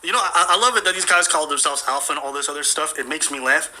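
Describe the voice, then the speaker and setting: A man's voice: a little high, fast, background noise. A man delivering a profane, mocking comedic rant as a commentator.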